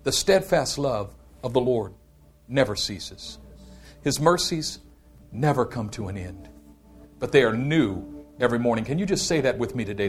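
A man's voice: mid-range voice, lively intonation, normal speed, soft background music. A man preaching a sermon with passion, leading his congregation in repeated call-and-response lines. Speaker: pastor.

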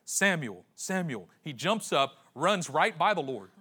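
A high-pitched male pastor whose voice leaps all over as he tells the story. He acts out the characters in slangy voices, drops to a hush, then rises again. The tone is bright and ringing. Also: animated, a little slow. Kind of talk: sermon.

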